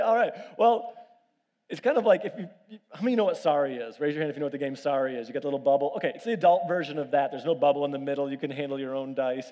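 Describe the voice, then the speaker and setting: A man with a fairly high voice delivers a sermon, jumping between animated family anecdotes and quieter appeals to the congregation. His voice carries a long hall reverb, as if recorded in a large church. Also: highs cut off. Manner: animated storytelling with audience questions. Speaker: pastor.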